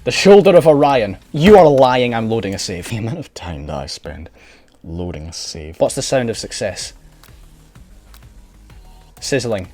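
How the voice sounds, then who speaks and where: A man playing through a video game, reading its text aloud and reacting in an excitable, sweary way. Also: lowish voice, moderate pace, long pauses, soft background music. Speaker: game streamer. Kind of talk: let's play commentary.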